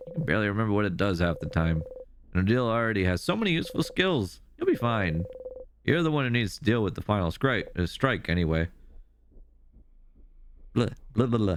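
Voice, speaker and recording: A man's voice: a little fast, over music. A young man streaming a game live, reading its dialogue aloud with emotion and reacting between lines. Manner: emotive reading with lively pitch swings.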